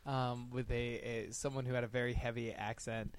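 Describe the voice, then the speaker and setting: A man chatting casually as a podcast co-host, playful and quick to joke and laugh. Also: mid-range voice, level tone, a little hiss or hum. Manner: playful and joking, laughs often. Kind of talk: casual chat.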